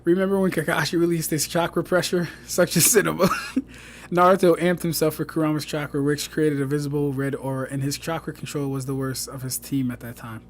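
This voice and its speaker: A young man with a high voice gives loose, profane livestream commentary. He picks apart what he reads with mocking disbelief, repeats himself for effect and keeps breaking into laughter. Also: level tone, brisk. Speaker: streamer reviewing fan debates.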